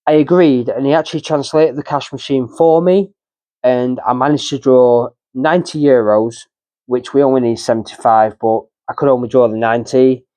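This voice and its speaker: A man's voice: mid-range voice, normal speed, no echo. Indignant man recounting a story. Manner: animated, indignant retelling with repeated phrases. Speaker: travel vlogger. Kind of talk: casual storytelling to camera.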